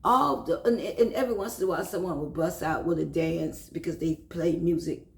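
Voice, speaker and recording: A woman shares a devotional story, her low voice carrying a gravelly edge. She talks with emotion, repeats phrases and sometimes sinks to a whisper. The sound is echoey, with faint ambient noise behind her. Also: a little fast.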